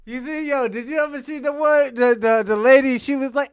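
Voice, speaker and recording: A man's voice: very high-pitched, fairly quick, few pauses. A man hosting casual commentary on clips, laughing often and swearing freely. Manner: laughing often, profane, animated. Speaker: host.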